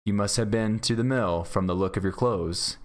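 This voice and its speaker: A confident outlaw chief from an old storybook who teases his men with a wry manner, as a man reads him aloud. The voice is low and relaxed. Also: normal speed, lightly acted. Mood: teasing. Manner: wry, teasing. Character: Robin Hood, confident male outlaw leader, wry and teasing.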